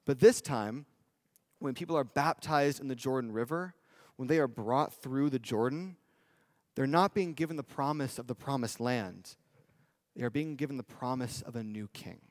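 A male preacher giving a sermon in a conversational style, often asking the audience "right?" and slowing down for emphasis. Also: medium pitch, no echo, studio quality. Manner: conversational, with tag questions and emphatic slowdowns.

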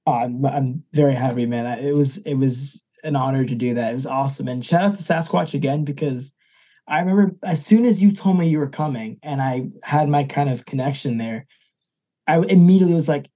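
A man appearing as a guest on a podcast, speaking in casual chat with friendly agreement and shout-outs. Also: medium pitch, a little fast.

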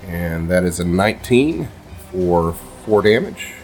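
A man narrating a tabletop game as game master, halting, with many ums and uhs. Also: deep voice, big pitch swings, a little mellow, faint music behind.

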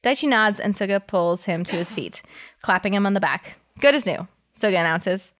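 A woman's voice: medium pitch, moderate pace, fairly bright tone. A woman reading fan fiction aloud in a casual way, giggling often and breaking in with chatty asides. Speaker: reader.

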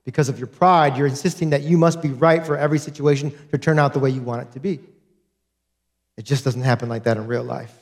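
A man's voice: medium pitch, fairly even intonation, quick pace, a little mellow. A man preaching a sermon as a pastor, earnest and direct, repeating key points to his congregation.

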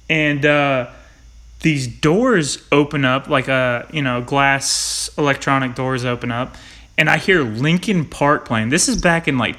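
Bright, lively storytelling man. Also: medium pitch. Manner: swears a lot, tells stories with laughs. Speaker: podcast host. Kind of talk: casual chat.

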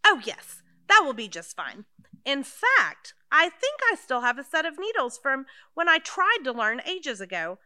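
Woman playing nervous little old lady in a radio play, high voice, dry sound. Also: wildly swooping pitch, measured pace, sharp tone, no room sound, exaggerated voice. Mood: chatty. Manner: fussy, anxious, flustered. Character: timid fretful elderly woman, Mildred. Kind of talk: audio drama acting.

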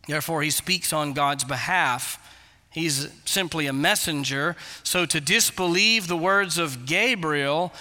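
A man's voice: fairly high pitch, a little slow, bright, forceful tone, long reverb tail. A male pastor preaching a sermon, earnest and explanatory, with emphatic repetitions.

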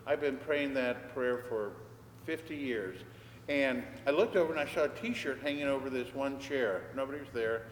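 An older male priest tells a sermon as a relaxed, conversational story, slipping into the voices of the people in it. His voice sits at an ordinary pitch for a man. It rings through a long, echoey church hall with a faint hum of background noise. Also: normal speed. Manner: conversational storyteller, acting out dialogue.

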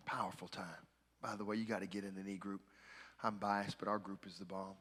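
A man preaching a sermon as pastor, swinging from hushed, quiet talk to loud, fervent shouting. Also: low voice, flat delivery, fairly quick, breathy edge, in a large hall.

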